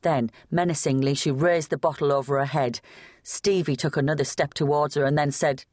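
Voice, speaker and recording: An audiobook narrator reading a gritty novel in a steady, matter-of-fact storytelling manner on a close studio mic. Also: medium pitch, moderate pace, no echo. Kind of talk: scripted narration.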